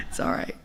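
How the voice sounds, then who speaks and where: A middle-aged woman giving a conversational sermon as a guest minister, telling stories with acted-out voices and sometimes dropping to a soft whisper. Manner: animated storytelling, acts out quoted voices; drops to a soft whisper on key points.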